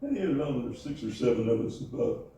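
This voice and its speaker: An older man recalling his Navy years in an oral history interview, speaking haltingly with many fillers and restarts. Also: medium pitch, big pitch swings, dark tone. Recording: echoey room, voice from far off.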